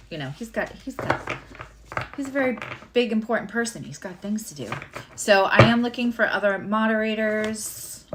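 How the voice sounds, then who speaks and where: A woman's voice: medium pitch, very noisy. A woman giving a casual live tarot and astrology reading, chatty and rambling with many fillers and asides.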